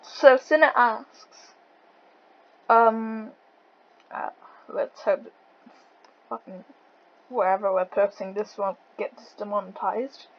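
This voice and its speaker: A woman interviewing a guest over voice chat, blunt and quick to laugh, with a thick accent and a habit of swearing. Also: medium pitch, steady tone, highs cut off. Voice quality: says she has a thick accent.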